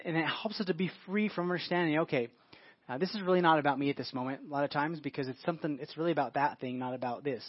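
Male pastor, rapid informal sermon delivery that keeps restarting phrases, dry close recording. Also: a little high, no room sound, muffled recording. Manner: informal, restarts phrases, asks the listeners questions. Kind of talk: conversational sermon.

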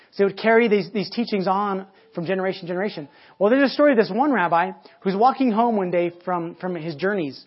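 Brief: male pastor, conversational storyteller, stumbles and restarts, husky tone, dull recording. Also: sits high. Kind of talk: sermon.

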